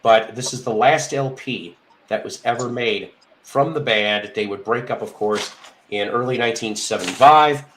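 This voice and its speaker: A man's voice: fairly low pitch, normal speed, a bit bright, slight background noise. A man hosting a casual live show about vinyl records, talking in a chatty, rambling way. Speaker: host.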